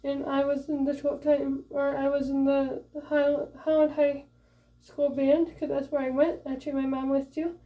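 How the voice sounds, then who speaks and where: A young woman from Michigan, a first-time mom, casually telling a story in a chatty, animated way, acting out the voices of the people in it. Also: high-pitched, moderate pace, distant mic, muffled recording. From Michigan, USA. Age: young adult. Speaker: vlogger. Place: home, late at night.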